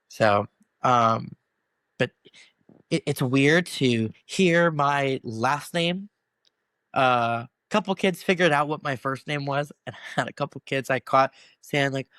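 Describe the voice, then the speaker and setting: Animated young male band teacher. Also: mid-range voice, moderate pace, no echo. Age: 20s. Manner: animated storyteller who acts out quoted voices. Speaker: first-year middle school band teacher. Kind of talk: casual interview conversation.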